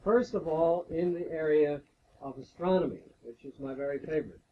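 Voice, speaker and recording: A man giving a measured, explanatory lecture-style talk at a faculty retreat, posing rhetorical questions as he goes. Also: fairly high pitch, a little hiss or hum. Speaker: guest speaker at a faculty retreat devotion. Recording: dull lo-fi 1980s tape recording.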